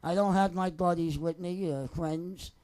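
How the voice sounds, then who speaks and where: A man's voice: sits high, fairly even intonation, a little slow, a little mellow, low-quality recording. A young man, a singer telling personal stories off the cuff in a rambling, wry, joking way. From New Jersey. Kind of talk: casual off-the-cuff storytelling.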